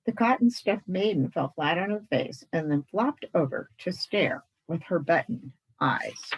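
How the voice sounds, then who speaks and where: A woman reading a children's story aloud in an expressive, animated way. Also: on the low side, measured pace, hardly any pauses, slightly rough, lo-fi sound. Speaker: club membership secretary reading a story.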